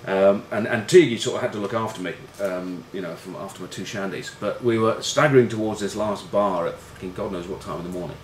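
A middle-aged former rugby player rambles through stories with plenty of swearing, fillers and self-mockery. His voice sits a bit low. The room is echoey, with a faint background hiss. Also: brisk, few pauses. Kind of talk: casual storytelling. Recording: roomy room echo with faint noise.

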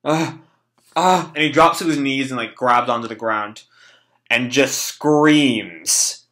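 A man's voice: medium pitch, measured pace, pushed and bright. A young man reading and reacting to a manga chapter in casual, rambling talk with swearing and lots of fillers.

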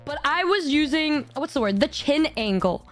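A woman's voice: high voice, animated, moderate pace, a bit bright, faint music behind. A woman in her twenties streaming, telling a story in casual chat, giggly and swearing freely, often stammering and repeating words. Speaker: vtuber streamer.

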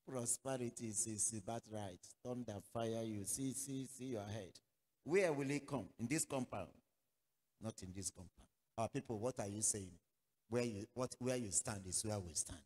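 A man from Nigeria preaching a sermon as pastor, telling a story with acted-out dialogue and sudden loud outbursts. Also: medium pitch. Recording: long reverberant hall.

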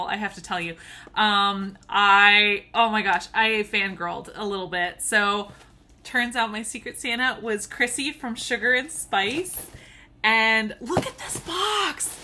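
High, bright-voiced gushing woman. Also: a little slow. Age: adult with children. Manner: gushing and giggly, often squealing with delight. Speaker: tumbler crafter unboxing a gift. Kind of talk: casual unboxing vlog.

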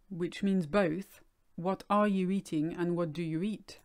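A French woman explaining grammar as a language teacher, speaking clearly and repeating examples slowly. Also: lowish voice, a little mellow. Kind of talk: online language lesson.

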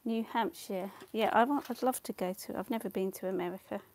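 A watercolour artist and channel host hosts a live painting demo, thinking aloud, often trailing off, and answering viewer comments as she works. She's chatty and self-deprecating. Her medium-pitched voice runs a little fast, with background noise in the recording.

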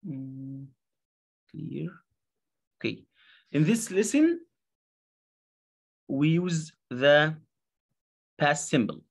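Man, Egyptian accent, English teacher, native Arabic speaker, slow, halting, many fillers. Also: a little high, expressive, gravelly, breathy edge. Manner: halting, many fillers and repeated words, drills pronunciation. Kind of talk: slow classroom explanation.

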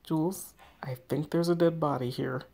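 A woman reading the texts of a young woman hiding from a stalker, hushed and tense. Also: low voice, steady tone, moderate pace, creaky. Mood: scared. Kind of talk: text story read aloud.

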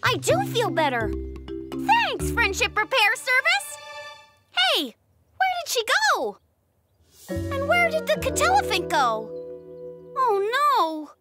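An actor voicing a hot-tempered little squirrel princess in a children's cartoon, shrill and prone to tantrums. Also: wildly swooping pitch, slow, pauses often, loud music behind the voice, exaggerated voice. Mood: sorry. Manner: shrill, stomping tantrum outbursts.

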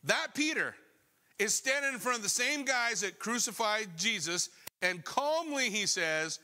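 A middle-aged male pastor preaching a sermon in a conversational, animated way, full of rhetorical questions. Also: high-pitched, measured pace. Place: church sanctuary. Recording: long church hall reverb.

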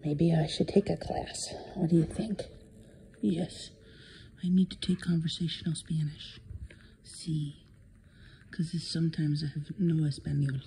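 A woman cat sitter talking softly to a cat, cooing and half-whispering, sprinkling in Spanish words, recorded on a phone at home. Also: deep voice, fairly even intonation, a little slow, pauses often, a little hiss or hum, rough recording. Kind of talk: affectionate talk to a cat.

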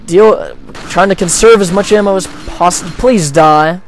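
Gravelly, jokey let's-play guy. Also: sits high, normal speed, faint music behind. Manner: rambling, jokey, self-deprecating. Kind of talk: casual gameplay commentary.

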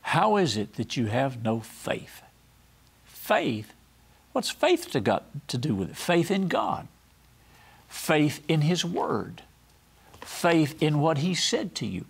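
A man's voice: a little high, very animated, takes it slowly, gravelly, pauses often, husky. A man preaching a televised sermon, telling folksy stories and acting out quoted voices. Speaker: pastor and TV host.

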